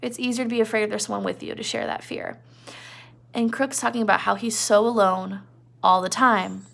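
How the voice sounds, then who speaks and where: A woman's voice: medium pitch, fairly even intonation, fairly quick, vocal fry, a bit bright. A woman teacher giving a casual literature lesson, explaining in a chatty way with many fillers.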